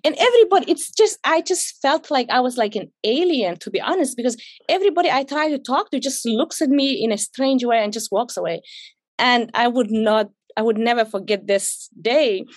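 A woman's voice: on the high side, animated, a little fast, no room sound. A young woman, an interview guest, telling a personal story in conversation, emotional and acting out what people said to her. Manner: emotional, retells with quoted dialogue.

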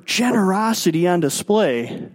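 A man preaching a sermon as pastor, emphatic, moving between raised passages and quiet, drawn-out stretches. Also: high voice, animated. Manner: emphatic, swinging between raised and hushed delivery.

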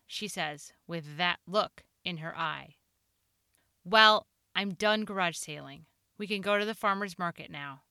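A woman author reading her own personal story aloud, earnest and expressive. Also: lowish voice, measured pace, clear, resonant tone, no echo, clean studio sound. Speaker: author and show host.

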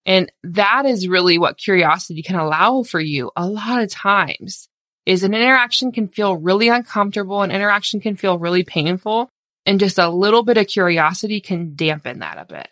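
A woman's voice: mid-range voice, expressive, brisk, a bit bright, no room sound, studio quality. A woman in her thirties hosting a solo podcast, talking candidly and encouragingly in a casual conversational way with lots of "like"s. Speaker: podcast host.

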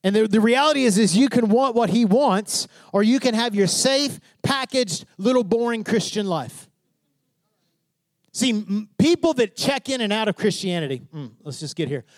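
A man's voice: sits high, lively intonation, moderate pace, no echo. A pastor preaching to his congregation, asking questions and building to fervent emphasis. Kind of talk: sermon.

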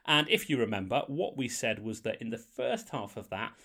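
A man's voice: medium pitch, animated, normal speed, sharp tone. A man in his forties co-hosting a podcast in casual chat, with a mixed English accent gone partly northern, self-mocking and laughing often. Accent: mixed English with northern vowels. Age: 40s. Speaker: podcast co-host.

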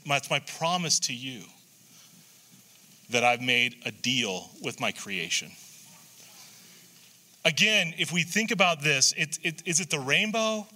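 A high, very bright male voice delivers a sermon from the pulpit. He preaches in a loose, joking way, jumping into asides and restarting his sentences as he goes. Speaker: pastor.

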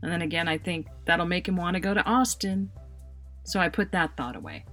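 A woman shares a personal story she wrote, reading it aloud with expressive, self-mocking humor. Her voice sits a little low and has a breathy, husky grain. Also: a little fast, soft background music.

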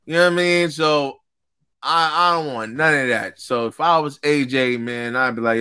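A man's voice: mid-range voice, moderate pace, bright, forceful tone, smooth. A man co-hosting a live sports talk show, laying out his honest, laid-back take. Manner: candid, laid-back, reasoning. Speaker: co-host. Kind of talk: casual live-show chat.

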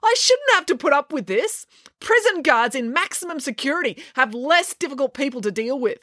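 A woman doing an apoplectic male schoolteacher who yells every line in a high, strained voice. He sounds perpetually outraged at the children, with a lively, swooping delivery. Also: moderate pace, dry recording, studio quality. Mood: indignant. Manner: shouting, indignant. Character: furious male school bus driver teacher.

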